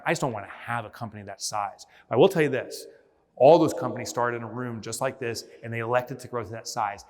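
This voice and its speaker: A man giving a motivational business keynote on a conference stage, telling stories with energy and acting out scenes. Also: medium pitch. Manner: energetic storyteller, mimics and shouts when acting out scenes. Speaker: keynote speaker. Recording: long hall reverb.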